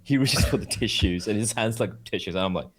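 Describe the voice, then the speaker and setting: A man telling a story in casual chat, swearing often and acting out other people's voices. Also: quick pace. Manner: animated, swears a lot, acts out voices with high shouts. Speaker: co-host of esports talk show.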